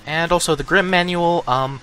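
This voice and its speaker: A man's voice: a little high, moderate pace, bright, forceful tone, a little hiss or hum. A young man casually commenting while setting up a modded game, rambling with lots of ums and little chuckles, close to a desk mic. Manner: chuckling, easygoing. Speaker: let's play host. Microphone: desk microphone, breathes into it.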